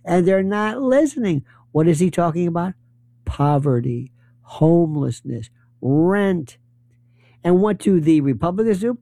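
A man's voice: a little high, very animated, unhurried, creaky, dark tone, no echo, clean studio sound. A man giving a rambling, sardonic political commentary monologue, rattling off lists of issues.

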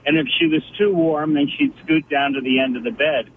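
A man calls in to a radio show and tells his story in a reflective way. His voice is fairly high for a man. It comes over a tinny phone line with a faint hiss. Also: a little fast. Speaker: caller. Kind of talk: phone-in call.

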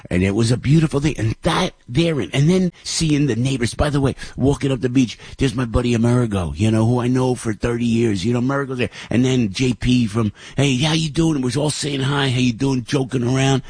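A man's voice: medium pitch, brisk, hardly any pauses, a little mellow, breathy edge, no room sound, studio quality. A man, host of a show, telling a rambling, emotional story about his family with many restarts. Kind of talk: casual storytelling monologue.

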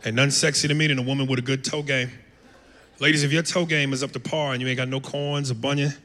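A man's voice: on the high side, noisy background. A man doing a crude stand-up routine with a brash, laid-back delivery. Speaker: stand-up comedian.

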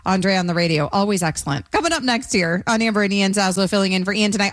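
A woman hosting a sports radio show, wrapping up a segment in a brisk, upbeat way. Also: medium pitch, expressive, dry recording.

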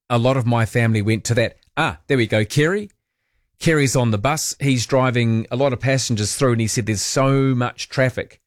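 A man's voice: medium pitch, no echo, clean studio sound. A man with a New Zealand accent hosting talkback radio, chatting casually, reading out listener texts and drifting into rambling asides. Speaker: radio host. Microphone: studio mic.

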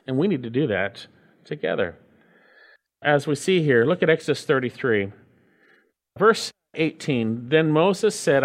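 A man's voice: fairly high pitch, sing-song, moderate pace. A man preaching a sermon, reading scripture aloud and stressing key phrases by repeating them. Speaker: pastor.

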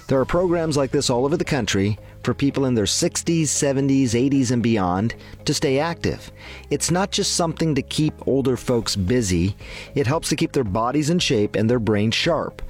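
A man, a doctor, hosting a scripted health segment in a calm, encouraging way. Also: mid-range voice.

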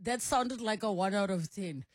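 A woman's voice: mid-range voice, moderate pace, dry recording, studio quality. A woman hosting a casual chat, teasing and playful with her guest. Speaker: host.

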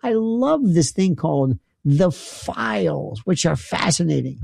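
A man hosts a late-night call-in radio show. He rambles in a wry, sarcastic way, his voice gravelly with fry. The studio sound is close and dry. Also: sits high, expressive, unhurried, darkish tone, no room sound. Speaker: radio talk show host.

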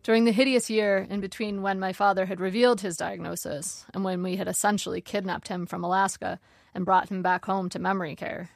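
A woman reading her own memoir aloud in a dry, measured storytelling manner. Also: medium pitch, gravelly, no room sound. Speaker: narrator.

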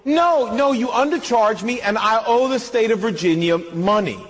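A man's voice: high-pitched, normal speed, husky. A male pastor, preaching a sermon and acting out the dialogue of his stories with animation. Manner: animated storytelling, acts out dialogue. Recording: reverberant hall.

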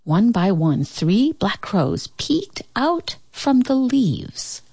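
A woman reading a picture book aloud in an expressive storytime voice, lingering over lists. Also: medium pitch, drawn-out words, gravelly, slightly rough, dry recording, clean studio sound.

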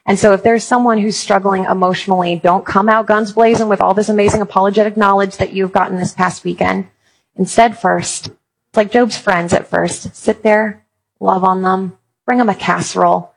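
Her mid-range voice carries some vocal fry, and the recording is low quality. She's a Christian speaker giving a conference talk to parents, telling stories with a lively, humorous touch.

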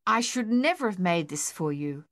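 A woman voicing a stern middle-aged farm mother with a brisk, scolding manner. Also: lowish voice, very animated, fairly bright tone, no room sound, studio quality.

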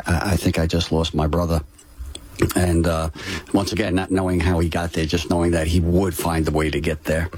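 An older man tells a personal story as an interview guest, halting and restarting often. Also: deep voice, darkish tone, no room sound. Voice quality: halting, full of restarts and "you know". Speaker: interview guest, brother of a firefighter.

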